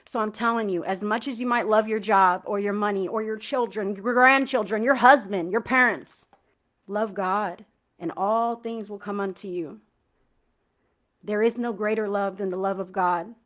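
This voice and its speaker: A woman tarot reader talking casually to her viewers about spiritual home cleansing, earnest and enthusiastic, with slangy asides and slow, heartfelt prayer recitation. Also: medium pitch, fairly even intonation, a bit bright. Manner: recites prayer lines slowly with feeling. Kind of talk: casual spiritual talk to camera.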